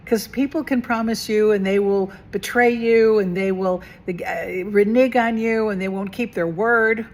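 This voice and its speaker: A woman at a mid-range pitch speaks to camera as a life coach in a casual, spiritual self-help vlog. She is chatty and keeps putting rhetorical questions to the viewer. She repeats her key phrases for emphasis. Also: fairly even intonation, unhurried, hardly any pauses. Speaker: mentor and coach.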